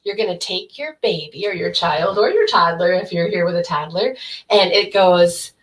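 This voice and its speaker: A young adult woman librarian leading a baby rhyme session, explaining each rhyme in a slow sing-song way. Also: fairly low pitch. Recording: voice from some distance off the mic.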